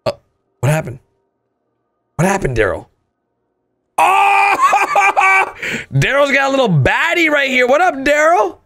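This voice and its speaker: A man hosts a casual reaction commentary, his high voice leaping all over the place as he gasps and breaks into loud laughter. He talks at an easy, drawn-out pace. Faint music plays underneath. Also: wildly swooping pitch. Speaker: host.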